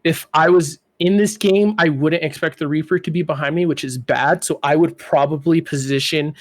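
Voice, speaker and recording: A man's voice: fairly high pitch, fairly even intonation, normal speed, no room sound. A man being coached, casually explaining his in-game choices, a little hesitant. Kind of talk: casual talk in a coaching session.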